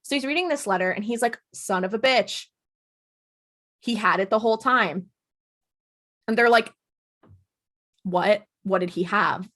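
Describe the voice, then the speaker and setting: A woman co-hosting a podcast, retelling a TV episode in casual chat and acting out the characters' lines with animated energy. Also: medium pitch, normal speed, long pauses. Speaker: podcast co-host.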